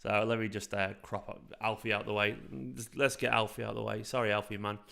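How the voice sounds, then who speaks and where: A young South Manchester man with a light Manc accent hosts a casual football fan live stream, his voice lowish, gravelly and fairly quick. He rambles animatedly, swears freely and leans on lots of fillers.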